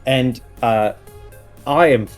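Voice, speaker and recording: A dazed young man, battered and barely awake, voiced by a man in a tabletop game. He sounds groggy and rattled, swearing between halting words, at an ordinary mid pitch. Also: soft background music, close to an everyday voice.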